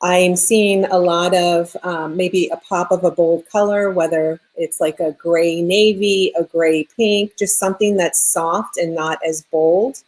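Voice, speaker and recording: A woman's voice: lowish voice, a little slow, few pauses. A woman with a New York accent, an interior designer talking casually as a radio guest and thinking aloud as she goes. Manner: relaxed, thinking aloud with fillers.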